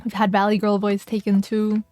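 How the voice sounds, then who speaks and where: A woman's voice: mid-range voice, completely flat delivery, moderate pace, a little mellow, dry recording. A woman streamer chatting playfully and reading game text aloud, giggling often. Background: faint music.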